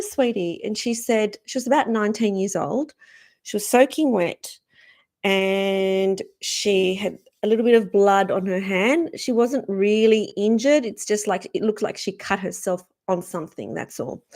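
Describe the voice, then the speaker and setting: A woman, a spiritual speaker, earnestly recounting a personal story in a gentle, reflective way. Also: mid-range voice. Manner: earnest, gentle, acts out quoted dialogue.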